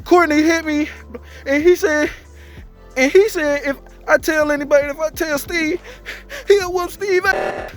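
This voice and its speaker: A man's voice: very high-pitched, steady tone, fairly bright tone, faint music behind, voice pushed up. A man acting out a scared boy of about twelve who is crying and choking out his words. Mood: sobbing. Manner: choked, halting words through crying.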